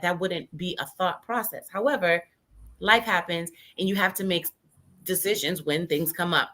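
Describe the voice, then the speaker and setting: A woman's voice: on the low side, moderate pace, pushed and bright. A young adult woman co-hosting a podcast, speaking frankly and emphatically, reading out comments and giving her own view. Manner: frank, emphatic, laughs easily. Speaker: podcast co-host. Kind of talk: casual chat.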